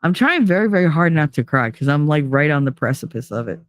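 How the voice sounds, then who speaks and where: A woman's voice: low voice, sing-song, fast talker, no room sound, clean studio sound. A woman hosting a casual livestream who talks bluntly and openly about her feelings, with frequent swearing. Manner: blunt, profane and emotionally open. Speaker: livestream host.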